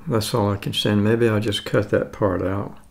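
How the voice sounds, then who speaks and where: A man's voice: on the low side, fairly even intonation, normal speed, vocal fry. A man in his seventies from the United States, chatting casually and rambling as he tastes food on camera. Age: 70s. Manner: rambling, chatty, self-correcting. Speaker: food vlogger. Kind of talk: casual food tasting vlog.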